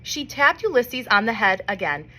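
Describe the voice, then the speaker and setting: A woman reads a children's novel aloud with expressive storybook delivery. Her voice is bright and fairly high, swinging animatedly up and down as she reads. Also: normal speed. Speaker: reader.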